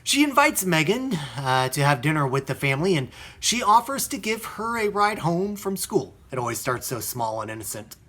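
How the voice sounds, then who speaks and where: Husky male film critic. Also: a little high, sing-song, moderate pace, hardly any pauses, bright, forceful tone. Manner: chatty, joking asides. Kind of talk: casual film review.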